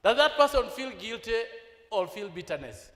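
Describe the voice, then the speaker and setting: A man's voice: sits high, big pitch swings, normal speed, a bit bright. A Kenyan man preaching a sermon in a church, questioning the congregation and slipping into Swahili. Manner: asks the congregation rhetorical questions; switches into Swahili mid-sentence. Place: church hall. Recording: echoey reverberant church hall.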